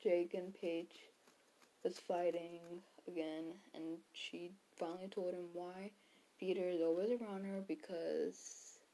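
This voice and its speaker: A woman's voice: lowish voice, little pitch movement, takes it slowly, dark tone. A woman retelling a story in casual chat, rambling with fillers and self-corrections, and sometimes dropping to a whisper for quotes.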